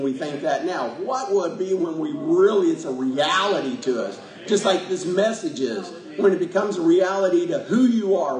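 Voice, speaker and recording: A man preaching a folksy, emotional sermon to a congregation, laughing often as he talks. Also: sits high. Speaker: pastor. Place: church sanctuary with congregation. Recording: echoey church, voice from far off.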